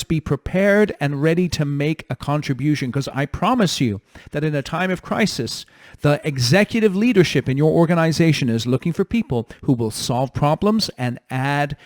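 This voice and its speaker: Male podcast host, mid-pitched, dry close mic, firm coaching delivery. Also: darkish tone, no room sound. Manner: direct, coaching tone with numbered points. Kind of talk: solo advice talk.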